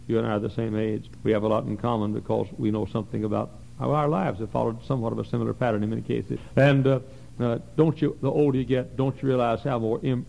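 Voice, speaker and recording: A man in his forties preaching a fervent sermon in a church, his voice swinging from soft passages to loud, high bursts. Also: creaky, low-quality recording. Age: 40s. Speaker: pastor. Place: church sanctuary.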